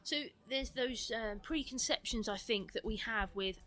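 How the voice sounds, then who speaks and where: A woman with a mixed British accent and a London twang, a slight lisp and a quick, animated way of talking, speaking as a guest coach mentor in a podcast conversation. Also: fairly high pitch.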